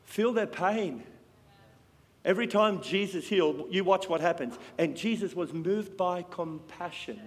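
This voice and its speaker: A man preaching a sermon with passion, swinging between loud and hushed. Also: high-pitched, measured pace. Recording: long hall reverb.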